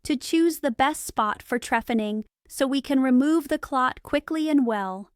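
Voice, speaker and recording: A grave, firm old professor from a gothic audiobook, as a woman reads him. He speaks in measured, quiet tones, slowly and with crisp diction. The recording is dry and close. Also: high-pitched, no room sound. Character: grave elderly male professor, calm and firm. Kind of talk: audiobook reading for English learners.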